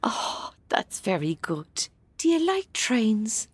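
A fierce older Irish grandmother, defiant yet tender with her family. She speaks slowly and earnestly in a fairly high, dry voice. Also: sing-song, husky, no echo, heavily acted. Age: 70s. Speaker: prisoner. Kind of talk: film drama acting.

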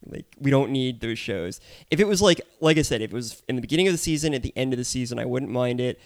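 A man's voice: medium pitch, expressive, quick pace, no room sound. A man co-hosting a casual podcast, ranting and swearing, often mocking others in put-on voices. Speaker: podcast co-host. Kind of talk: casual profane chat.

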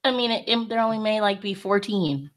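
Brief: female podcast co-host, mid-pitched, teasing and chatty, quick to laugh. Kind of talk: casual chat.

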